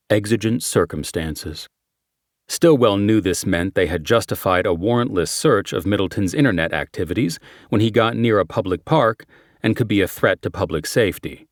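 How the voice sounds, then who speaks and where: A man's voice: moderate pace, no echo, clean studio sound. A man reading a crime thriller audiobook in a scripted narration style, lifting his voice for quoted lines. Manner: lifts pitch and volume for quoted dialogue, drops low for tags.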